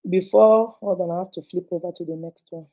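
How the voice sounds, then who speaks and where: Woman, low voice, very mellow tone, dramatic letter reading, acts out quoted voices. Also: steady tone, fairly quick. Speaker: relationship advice host reading a letter. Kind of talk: reading a listener's letter aloud.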